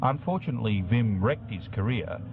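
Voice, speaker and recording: A man's voice: medium pitch, lively intonation, brisk, creaky. A man rambling in mock-earnest comic banter with many fillers, speaking on a radio show. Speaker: band member on community radio. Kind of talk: deadpan comedic banter. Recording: phone-like radio audio with music.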